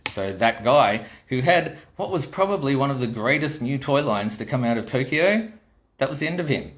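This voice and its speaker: A middle-aged Australian man who designs toys, telling a blunt, swearing story in a casual monologue, acting out the dialogue as he goes. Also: medium pitch. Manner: blunt and swearing, animated retelling with quoted dialogue. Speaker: toy designer.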